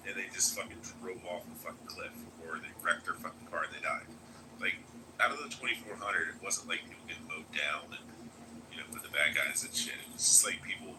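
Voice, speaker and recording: Low-voiced florida guy ranting casual on a stream, cussing a ton, noisy audio. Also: fast talker. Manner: rambling, profane, heavy on filler words. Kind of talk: casual live-stream chat.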